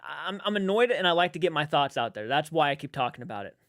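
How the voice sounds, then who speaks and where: A man's voice: fairly high pitch, sing-song, quick pace, fairly bright tone, no room sound, clean studio sound. A man chatting casually on a live stream, reading viewers' comments aloud, rambling and swearing freely.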